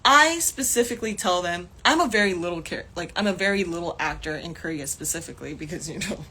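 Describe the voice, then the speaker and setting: A woman's voice: lowish voice, animated, fast, pushed and bright, a little hiss or hum. A young woman talking into her phone on a livestream, angry and heated, swearing often and laughing in frustration. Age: young adult. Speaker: actor streaming live. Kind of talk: casual livestream rant.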